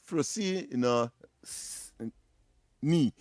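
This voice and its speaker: A man's voice: fairly high pitch, lively intonation, drawn-out words, a little mellow, no echo. A man with a Trinidadian accent co-hosting a casual radio talk show, playful and laughing often, repeating himself as he talks.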